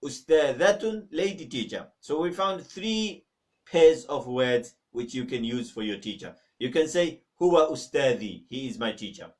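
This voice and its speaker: A man teaching an online Arabic lesson, drilling words slowly with students and urging them to practise. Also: medium pitch, expressive. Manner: emphatic, exhorting. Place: mosque teaching room. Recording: voice a little far from the mic.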